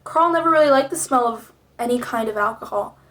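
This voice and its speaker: A woman's voice: on the high side, brisk, a bit bright. A young woman reading old fanfiction aloud with profane, snarky commentary. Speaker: video creator reading fanfiction.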